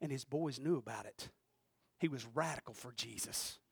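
A man preaching a sermon, who swings between shouting and quiet, intense passages and calls out to the congregation. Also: medium pitch, normal speed, gravelly, slightly rough, dry recording, clean studio sound. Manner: preaches with call-and-response asides to the congregation. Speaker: pastor.

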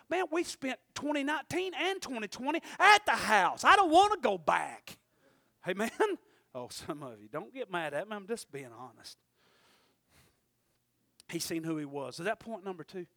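High, bright-voiced preacher. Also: male voice, very animated, moderate pace, vocal fry, no echo, clean studio sound. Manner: swings from shouted exhortation to quiet folksy asides; frequent call-outs to the congregation. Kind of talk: sermon.

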